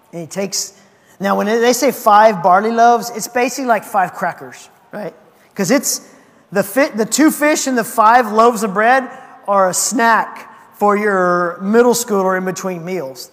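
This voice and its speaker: A man with a high voice preaching in a church. He tells the story in a lively way, acting out characters and dropping from big emphatic lines to near-whispers. A long reverb trails each phrase. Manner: animated storyteller acting out voices, swinging from loud to hushed. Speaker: pastor. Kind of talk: sermon. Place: church sanctuary.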